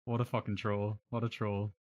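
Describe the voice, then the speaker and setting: A man's voice: fairly low pitch, darkish tone, dull audio. A young man chatting casually on a live stream, joking and swearing freely.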